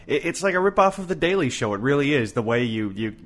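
A man's voice: mid-range voice, sing-song, fast talker. A man co-hosting a podcast, bantering casually with sarcastic, argumentative jabs. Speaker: podcast co-host.

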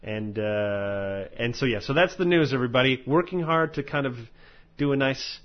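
A man hosts a casual podcast, rambling through his thoughts with many fillers and easy swearing. His voice sits at an ordinary pitch. The recording is a bit dull and lo-fi. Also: normal speed. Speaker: podcast host. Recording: slightly dull lo-fi audio.

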